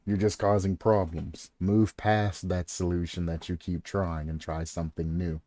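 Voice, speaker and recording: A man's voice: deep voice, flat delivery, a little slow, mellow. A young American man with a rural accent, chatting casually as a streamer, rambling and laughing often. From United States. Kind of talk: casual chat.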